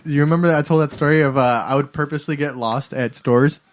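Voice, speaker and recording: A man's voice: on the high side, fast. A young man co-hosting a casual podcast, teasing the others with wisecracks. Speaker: podcast co-host. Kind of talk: casual chat.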